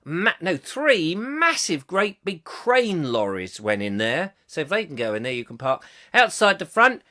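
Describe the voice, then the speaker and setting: With a high, bright voice and forceful tone, a middle-aged man runs a comic live chat show. Jokey and rambling, he reads viewers' comments aloud, goofs around between them and does silly voices.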